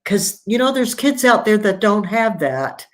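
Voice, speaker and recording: A woman author as a guest on a live video chat, telling family stories in a warm, storytelling way, heard over a video call. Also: medium pitch, big pitch swings, unhurried. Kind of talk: casual interview conversation.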